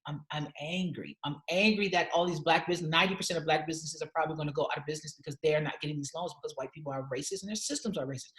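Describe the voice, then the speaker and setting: A man's voice: on the high side, a bit bright. Passionate man in an echoey room. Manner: passionate, emphatic, swears freely. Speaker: interview guest, activist. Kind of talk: casual podcast conversation.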